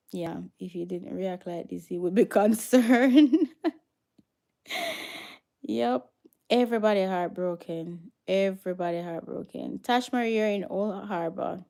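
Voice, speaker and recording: A Jamaican woman hosts a casual livestream in a lowish, gravelly voice with a warm tone. She chats with viewers, reads their comments, and slips into patois.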